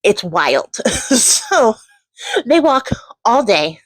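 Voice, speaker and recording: A woman's voice: fairly high pitch, very animated, extremely slow, no room sound, low-quality recording. A woman retelling a fairy tale in a chatty, casual way, laughing often and swearing. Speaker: storyteller and channel host.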